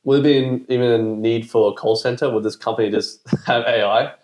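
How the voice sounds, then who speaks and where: A man's voice: mid-range voice, fairly even intonation, fairly quick, a little mellow, echoey room. A man co-hosting a casual podcast chat, asking many curious questions. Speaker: podcast co-host.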